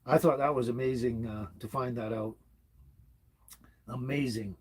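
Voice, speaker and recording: A Canadian man in his seventies hosts a casual livestream, rambling as he reads out comments from viewers. His medium-pitched voice is steady and somewhat dark, with a breathy edge and a measured pace.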